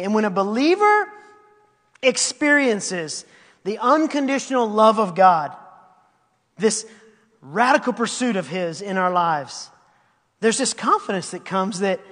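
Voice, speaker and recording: A man preaching a sermon as a story, animated, acting out quotes, swinging from loud to quiet. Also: high-pitched. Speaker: pastor. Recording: long reverb in a large hall.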